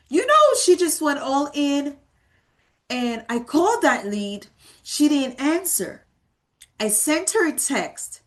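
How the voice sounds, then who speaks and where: A woman's voice: sits high, big pitch swings, takes it slowly. A woman in her thirties giving a realtor training talk, emphatic and repeating key words as she tells stories from her work. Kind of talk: motivational training talk with anecdotes.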